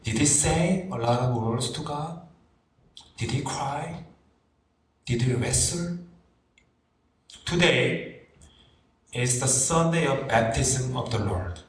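Male pastor, slow and reflective, preaching, recorded from a distance in an echoey room. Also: medium pitch, animated. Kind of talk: sermon. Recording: roomy, distant mic with faint background noise.

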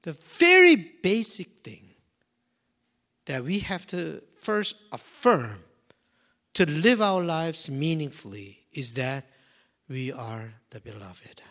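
A man preaching a sermon, swinging from loud emphasis to hushed near-whispers and repeating key phrases slowly. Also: on the high side, very animated. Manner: slow, deliberate delivery with repetition.

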